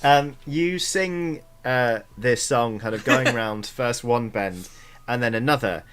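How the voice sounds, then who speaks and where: A man's voice: mid-range voice, a little slow, smooth. A man narrating a tabletop game as dungeon master, hesitant with fillers, building the scene step by step. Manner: hesitant, many fillers, animated.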